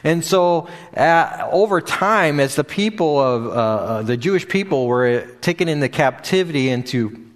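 A man's voice: a little high, expressive, moderate pace. Man preaching, unscripted with many fillers. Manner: unscripted, with frequent fillers and restarts. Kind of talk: sermon. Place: church or meeting room with a screen behind him.

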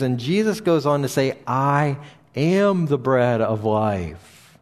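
A man preaching a sermon and reading scripture aloud, often restarting his sentences, and going higher in pitch when he stresses a point. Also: lively intonation, a little mellow. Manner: halting, with frequent restarts and fillers; rises in pitch for emphasis when paraphrasing. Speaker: pastor. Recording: long hall reverb.

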